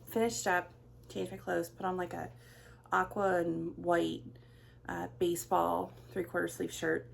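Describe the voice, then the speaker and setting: Middle-aged woman, casual vlog chatter, slight fry, rambling. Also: mid-range voice, a little hiss or hum. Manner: chatty, rambling, warm storytelling with many fillers. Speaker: craft vlogger.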